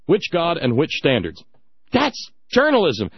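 A man's voice: a little high, big pitch swings, normal speed, dry recording, dull audio. Sarcastic ranting male radio host. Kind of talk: talk radio monologue.

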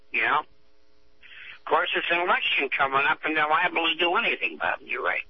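A man's voice: fairly high pitch, expressive, normal speed, dull audio, a little hiss or hum. A man speaking on a call-in radio show, folksy and opinionated.

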